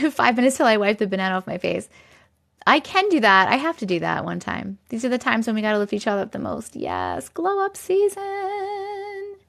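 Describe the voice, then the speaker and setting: This woman's mid-range voice is sing-song, creaky, fairly bright, and fairly quick. Livestreaming from her basement on a regular microphone, she chats casually, laughs a lot, and thanks viewers as she reads their comments aloud.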